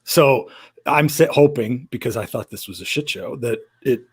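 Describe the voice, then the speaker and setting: A man co-hosting a casual sports podcast, speaking in a measured, hedging way. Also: mid-range voice, husky. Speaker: podcast co-host.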